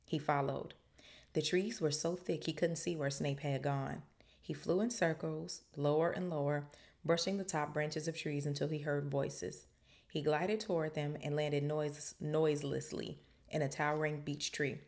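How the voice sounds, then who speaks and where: Speaking in a low voice at a moderate pace, a woman reads a novel aloud on her podcast. She breaks in often with animated, joking asides full of casual slang.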